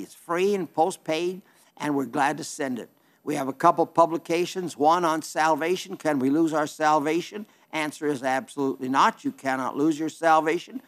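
A man preaching on television in a folksy, earnest, plainspoken way, reading viewer letters and asking for support. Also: fairly high pitch.

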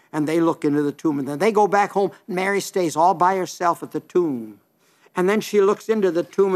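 An older man preaching an earnest radio sermon, retelling stories with frequent restarts and repetitions. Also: a little high.

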